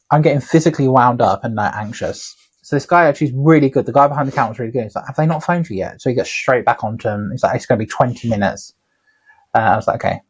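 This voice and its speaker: A husky-voiced man co-hosts a casual podcast, winding through long anecdotes with loose asides and the odd curse. His voice sits at a middling pitch with a slightly rough, breathy edge. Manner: rambling, sweary anecdotes. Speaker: podcast co-host, tattooer. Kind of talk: casual storytelling chat.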